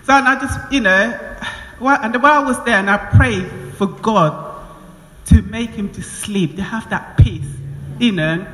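Animated woman giving a church testimony. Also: medium pitch, measured pace, a little hiss or hum. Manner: animated storytelling, laughing often, reenacting conversations. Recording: echoey hall with long reverb.

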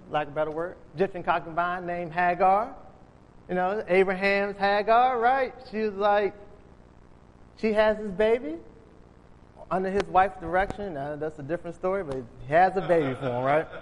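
A man preaching an informal sermon, retelling Bible stories in casual, conversational speech and acting out the characters. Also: sits high. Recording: long hall reverb.

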